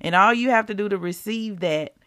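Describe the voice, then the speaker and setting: A woman's voice: mid-range voice, brisk, fairly bright tone, dry recording, clean studio sound. A woman hosting a devotional podcast, chatting casually and asking the listeners rhetorical questions.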